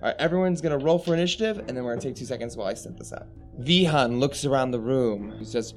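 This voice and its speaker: A man running a tabletop game as games master, narrating in a casual, animated way. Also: mid-range voice, fast, faint music behind.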